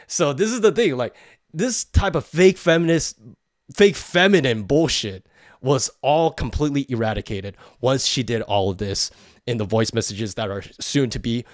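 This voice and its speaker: A man's voice: mid-range voice, sing-song, normal speed, dry recording, studio quality. Profane, heated male podcast host. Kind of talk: ranting storytelling.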